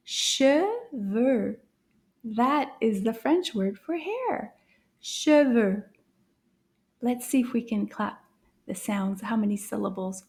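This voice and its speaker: A woman with a bright, high voice leads a children's language lesson at an unhurried pace. She sounds cheerful and coaxing, praising often and dropping into soft whispers to build a little suspense. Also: lively intonation. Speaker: French teacher for children. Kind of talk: slow, encouraging kids' lesson.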